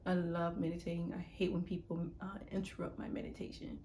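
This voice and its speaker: A woman's voice: fairly low pitch, level tone, brisk, mellow, a little hiss or hum. Rambling young woman vlogger. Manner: rambling, repeats words, drops to a whisper at times. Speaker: YouTuber. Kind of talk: casual self-help monologue.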